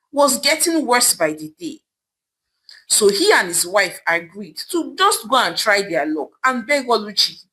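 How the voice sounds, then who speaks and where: A woman narrating a folktale in a dramatic, expressive way. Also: mid-range voice, low-quality recording. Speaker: storyteller.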